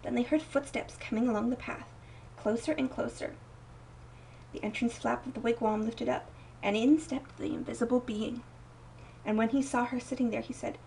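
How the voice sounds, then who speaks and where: A young woman reading a picture book aloud at home, gentle and expressive, softening her voice for quieter moments. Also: a little high, moderate pace, gravelly, distant mic, slight background noise, poor audio. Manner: gentle, expressive read-aloud with soft dips for quoted lines. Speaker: storybook reader.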